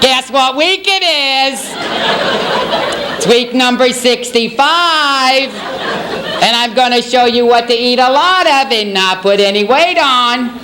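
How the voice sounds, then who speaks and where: A man's voice: very high-pitched, slow pace, background noise, pitched above the performer's own voice. A man doing a gushing fitness guru. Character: bubbly flamboyant male fitness guru. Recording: banquet hall with crowd laughter.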